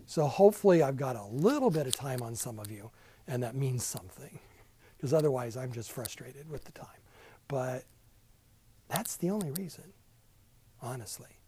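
A man's voice: mid-range voice, expressive, moderate pace, mellow, a little hiss or hum, poor audio. An older man teaching a casual Bible class in a church classroom, chatty and self-deprecating, with many asides.

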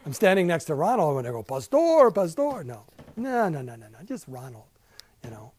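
A man's voice: mid-range voice, sing-song, brisk, husky, low-quality recording. An older man teaching a casual Bible class in a church classroom, chatty and self-deprecating, with many asides.

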